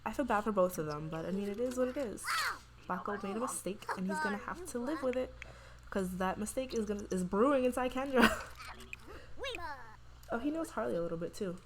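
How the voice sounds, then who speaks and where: A young woman giving casual let's play commentary, chatty and full of fillers and quick asides. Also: medium pitch, animated, very noisy. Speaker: gaming YouTuber.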